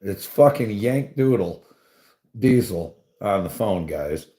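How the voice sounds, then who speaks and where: A man's voice: lowish voice, expressive, takes it slowly, mellow. Rambling, profane man in an echoey room. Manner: rambling, profane storytelling with frequent laughs. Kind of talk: casual chat. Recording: roomy echo.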